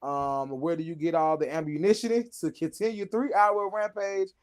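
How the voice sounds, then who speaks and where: A man's voice: fairly high pitch, little pitch movement, moderate pace, clear, resonant tone. A man hosting a casual news show, reading stories aloud with jokes, laughing and stumbling over names. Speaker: show host.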